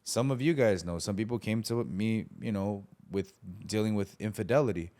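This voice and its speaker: A man's voice: lowish voice, normal speed. A man in casual conversation about faith, telling stories with animation and acting out the voices of people in them. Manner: animated storyteller, acts out voices in anecdotes.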